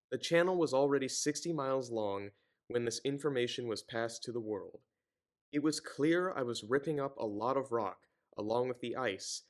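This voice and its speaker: A man reading a novel aloud, often stumbling, correcting himself and breaking off with sarcastic commentary. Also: mid-range voice. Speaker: reader and commentator.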